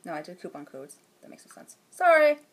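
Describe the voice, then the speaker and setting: A woman's voice: lowish voice, wildly swooping pitch, brisk. A woman hosting her own knitting podcast at home, chatting casually to the camera in a rambling way with lots of fillers and restarts. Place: at home, indoors.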